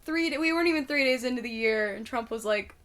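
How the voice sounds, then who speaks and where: A woman's voice: a little high, fast, fairly bright tone. Rambling, sweary young woman vlogger. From Indiana, United States. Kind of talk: casual chat to camera.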